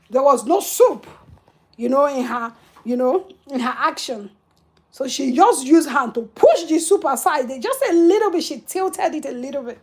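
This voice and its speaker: Telling a story from her childhood about her family, this middle-aged livestream host gets emotional and laughs between fond recollections. Her voice sits high with a darkish tone, at a normal speed.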